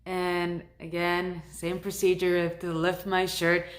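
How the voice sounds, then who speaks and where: A woman's voice: on the low side, a little slow. Woman shaman telling a personal story. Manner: conversational, animated recounting with reported dialogue.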